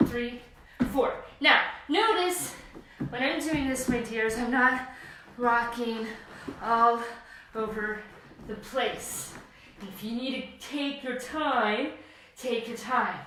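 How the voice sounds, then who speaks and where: An upbeat fitness instructor in her forties counts reps and talks viewers through each move at an unhurried pace. Her voice is bright and fairly high, picked up from across a very echoey room with a faint hiss underneath. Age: 40s. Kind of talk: home workout class instruction. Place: home room. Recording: echoey room, mic at a distance.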